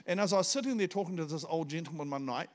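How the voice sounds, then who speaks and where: Animated older New preacher man. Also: fairly high pitch, very fast. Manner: storytelling, animated, bursts into shouts when acting out scenes. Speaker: visiting pastor. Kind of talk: sermon. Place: church.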